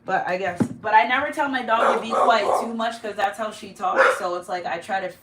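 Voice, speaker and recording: A woman's voice: medium pitch, a little fast, heavy background noise. A woman giving a casual tarot reading at home, emphatic and repeating her points. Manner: emphatic, repeats herself, chatty. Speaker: tarot card reader. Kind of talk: casual spiritual reading to camera. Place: home room. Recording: echoey room, mic far off.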